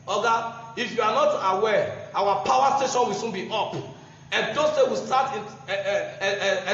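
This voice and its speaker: High-voiced Nigerian man in a booming, echoey hall. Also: fairly bright tone, slight background noise. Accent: Nigerian English. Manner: combative, mocking, chuckling. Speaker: political campaigner. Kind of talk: impassioned political speech. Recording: muffled echoey hall recording.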